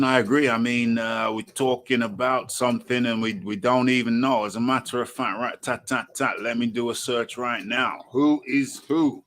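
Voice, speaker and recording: A man hosting a live online boxing talk show, animated and thinking aloud as he searches. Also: medium pitch. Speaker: host.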